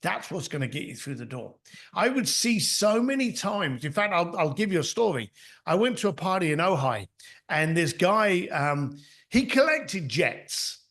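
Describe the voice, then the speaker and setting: A middle-aged man on a podcast tells blunt, down-to-earth anecdotes and acts out the other people in them. His voice sits high for a man. It swoops up and down with lively expression. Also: moderate pace. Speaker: podcast guest, author and mentor. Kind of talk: conversational storytelling.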